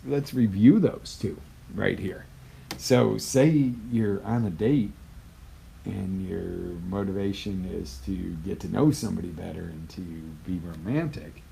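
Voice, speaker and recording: A man giving a live motivational talk as a life coach, emphatic and conversational, swinging from loud bursts to quiet asides. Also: low voice, gravelly, a little hiss or hum, poor audio.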